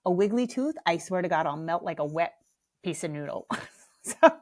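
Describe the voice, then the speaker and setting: Animated, self-mocking middle-aged woman. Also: fairly low pitch, moderate pace. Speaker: podcast host. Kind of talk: casual comic storytelling.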